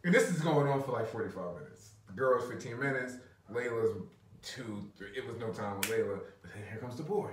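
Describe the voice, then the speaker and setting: A man's voice: mid-range voice, a little fast. A man in his thirties, a podcast co-host, telling a story in casual chat, laughing and swearing a lot. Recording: roomy, distant mic.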